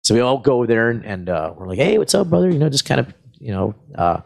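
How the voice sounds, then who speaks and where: A man's voice: lowish voice, a little fast, creaky. A man, a guest comedian telling rambling, profane stories in a casual chat. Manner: profane, rambling, animated retelling. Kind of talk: casual storytelling.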